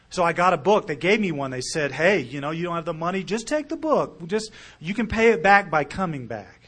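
A middle-aged man speaking to a meeting about his recovery, telling his story earnestly and emotionally, with loudness that rises and falls. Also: a little high. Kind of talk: recovery talk to a live audience.

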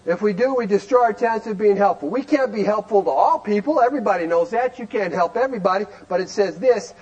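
A man's voice: high voice, fast talker, hardly any pauses, darkish tone, dull audio. A man teaching a recovery group in a folksy, emphatic way, peppered with rhetorical questions. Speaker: recovery meeting speaker. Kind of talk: animated teaching talk.

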